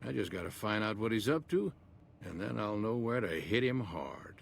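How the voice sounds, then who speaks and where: A low-voiced, bitter frontier rancher, drawling and scornful. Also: male voice, expressive, moderate pace, gravelly, slight background noise. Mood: grim. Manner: folksy drawl, grumbling and blunt. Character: gruff old male rancher, bitter and vengeful. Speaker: game character.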